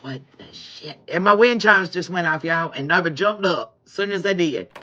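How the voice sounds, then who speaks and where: Excitable woman tarot reader. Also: on the low side, moderate pace, lo-fi sound. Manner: excitable, exclaiming, addressing viewers as y'all. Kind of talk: live-stream tarot chat.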